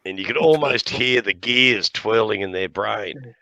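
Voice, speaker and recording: A man's voice: fairly low pitch, measured pace, bright, forceful tone, no room sound. An Australian man in casual chat, spinning tall tales with lots of laughter and the odd swear word. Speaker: podcast regular.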